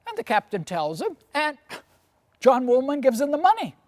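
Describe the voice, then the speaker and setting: A woman's voice: sits high, wildly swooping pitch, normal speed, a little mellow. A woman lecturer and tour guide telling history as a story, posing questions to her audience and often adding "you see".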